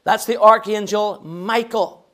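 A man's voice: high voice, steady tone, takes it slowly, sharp tone. A man with a Northern Irish accent preaching a sermon, swinging between ringing proclamation and chatty, joking asides.

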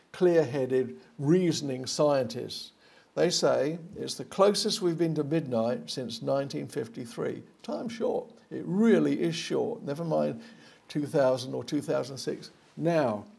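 A man's voice: mid-range voice, creaky, mellow, breathy edge. An older man preaching a sermon, earnest and digressive, with many fillers and restarts.

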